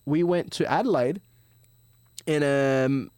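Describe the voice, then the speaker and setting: A man's voice: on the high side, takes it slowly, a little mellow, dry recording, clean studio sound. A man, a podcast guest telling a story in a rambling, profane, casual way. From Melbourne, Australia. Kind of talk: casual chat.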